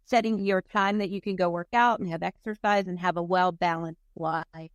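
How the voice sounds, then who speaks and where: A woman guest, a therapist, chatting casually with enthusiasm and earnest warmth. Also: on the low side, fairly even intonation, moderate pace, no echo, lo-fi sound. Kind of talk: casual chat.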